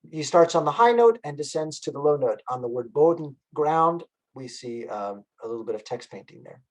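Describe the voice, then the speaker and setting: A man's voice: a little high, big pitch swings, moderate pace, rough recording. A man lecturing on music at a library event, explaining as he goes and often asking his audience questions.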